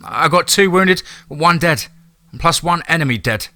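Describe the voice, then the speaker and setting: A man's voice: on the high side, lively intonation, measured pace, bright, forceful tone, slight background noise, voice pushed up, full character voice. A man voicing a determined teenage boy who speaks urgently and earnestly. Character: determined teenage boy, steady under pressure.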